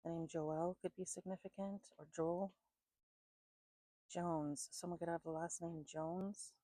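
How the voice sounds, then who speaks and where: A woman doing an intuitive psychic reading at home, calmly listing names and places she picks up, thinking aloud and a bit sleepy. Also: on the low side, unhurried, dry recording, rough recording. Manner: calm, repetitive, thinking aloud. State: sleepy, yawning. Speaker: psychic reader.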